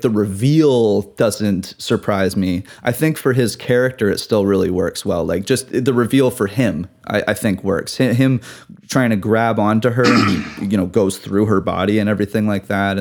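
A man co-hosting a podcast, talking casually about films in a relaxed, halting way. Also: on the low side. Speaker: podcast co-host. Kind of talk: casual film discussion.

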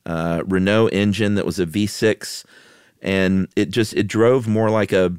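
A man's voice: lowish voice, unhurried, smooth, no room sound, clean studio sound. A man co-hosting a podcast, chatting casually and laying out facts with uh fillers. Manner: relaxed, laughs often, lists facts with uh fillers. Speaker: podcast co-host. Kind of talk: casual chat.

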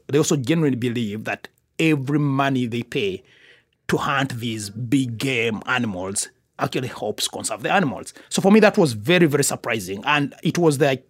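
A man from Africa, a comedy writer, chatting excitedly on a podcast with quick restarts and laughs. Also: medium pitch, no room sound, studio quality. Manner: excitable, stammering restarts, laughs while talking. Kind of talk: animated podcast chat.

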